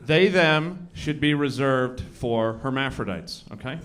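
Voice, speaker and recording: A man's voice: medium pitch, unhurried. A man doing a live stand-up set in a comedy club, swearing freely and talking to the crowd in rhetorical asides. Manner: profane, conversational, rhetorical asides. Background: audience laughter.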